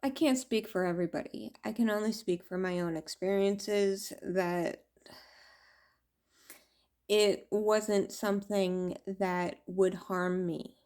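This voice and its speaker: A woman's voice: mid-range voice, steady tone, slow pace, a little mellow, smooth. A woman tarot reader talking casually to camera, rambling, laughing often and swearing.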